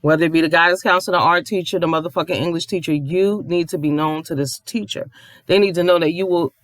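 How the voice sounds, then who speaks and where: A mother telling a long story in a casual rant, profane and animated, acting out the people she quotes. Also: on the low side, fast, no echo.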